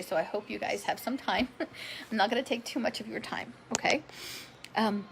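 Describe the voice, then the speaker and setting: This vlogger, a woman in her forties, recounts her health journey live, greeting viewers by name as she goes and admitting she's a drama queen. She speaks in a mid-range voice that comes through emotional and chatty, over poor audio with a little hiss or hum.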